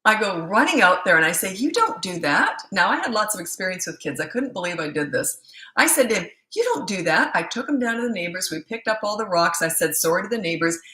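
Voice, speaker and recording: A woman's voice: lowish voice, fast talker, echoey room, rough recording. A woman parenting coach chatting casually in a live Q&A, telling stories with lots of laughter. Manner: animated storyteller, laughs often.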